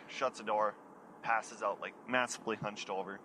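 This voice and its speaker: Bright-voiced man telling stories. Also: on the low side, steady tone, normal speed, slight background noise, rough recording. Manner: chatty, laughs at his own stories. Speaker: podcast host. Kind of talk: casual storytelling.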